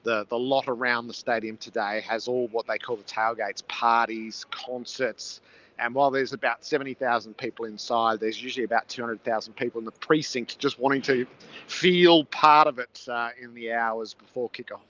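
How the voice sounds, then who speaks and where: A man's voice: mid-range voice, steady tone, moderate pace, sharp tone, highs cut off. A man who calls football games, describing the build-up from his stadium broadcast position in vivid, storytelling detail. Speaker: NFL commentator calling the game. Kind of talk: on-location phone-in chat.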